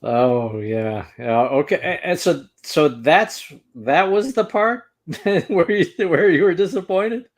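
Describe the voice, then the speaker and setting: A man hosting a casual chat, speaking haltingly with many fillers and breaking into laughs. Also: a little high, lively intonation. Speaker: host.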